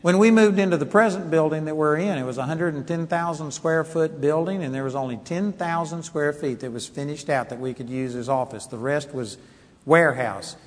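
Husky-voiced man preaching in a hall. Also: fairly high pitch, brisk. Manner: emphatic, storytelling, swings from quiet to loud. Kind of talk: sermon.

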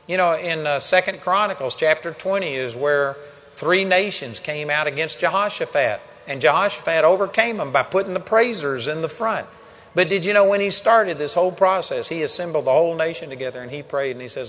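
A man with a fairly high, bright, expressive voice preaches a sermon at a seminar at a moderate pace, emphatically quoting scripture by chapter and verse. The large seminar hall gives the recording a long reverb.

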